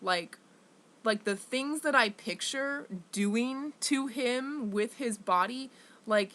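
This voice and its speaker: A young woman speaks candidly to camera in a rambling, profane confessional, full of fillers and flaring into loud anger. Her voice is a little high and slow.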